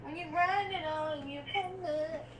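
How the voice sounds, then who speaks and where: A woman's voice: sits high, a little slow, recorded from a distance, noisy background. A young woman on a call, chatting bluntly with a lot of swearing as she retells old text messages. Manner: blunt and heavily profane. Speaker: caller on a livestream. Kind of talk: casual chat, retelling texts. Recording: echoey with loud music behind.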